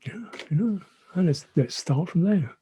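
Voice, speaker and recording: A man who is a Buddhist monk teacher giving a dhamma talk in a reflective, gentle way, often repeating his phrases. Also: sits high, animated, moderate pace, a little hiss or hum. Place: monastery meditation hall.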